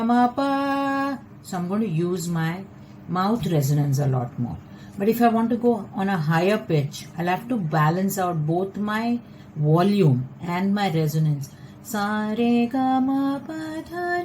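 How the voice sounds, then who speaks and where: Patient woman vocal coach, lowish voice. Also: dark tone, a little hiss or hum, poor audio. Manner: measured, patient explaining. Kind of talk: teaching lesson.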